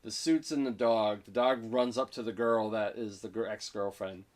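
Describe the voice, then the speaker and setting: A man co-hosting a casual movie review, eagerly retelling scenes and acting out the characters' lines. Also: fairly low pitch. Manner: excited retelling, acting out lines with quick voice switches.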